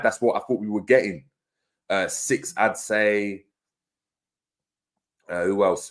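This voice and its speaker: A man hosting a casual live stream, laughing often, bantering in slang and reading viewer comments aloud. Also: deep voice. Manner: slangy banter with many fillers. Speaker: host of a fan live stream.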